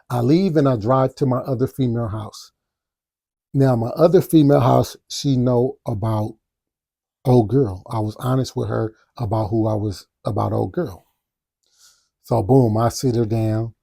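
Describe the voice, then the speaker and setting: A man hosting a podcast, casually telling a personal story in an animated way with spoken sound effects. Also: medium pitch, unhurried, gravelly, no echo, clean studio sound. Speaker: podcast host.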